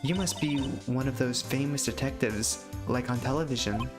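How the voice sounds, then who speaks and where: Catty young woman witness, high sarcastic falsetto, played by a man reading a game. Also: normal speed, lightly acted. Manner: sarcastic and teasing. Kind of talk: reading game dialogue aloud. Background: video game music.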